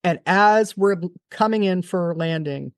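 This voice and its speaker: A woman guest on an interview podcast, telling a long story in an animated, fast-talking way, often restarting her sentences. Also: on the low side, no echo, clean studio sound. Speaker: television producer, guest.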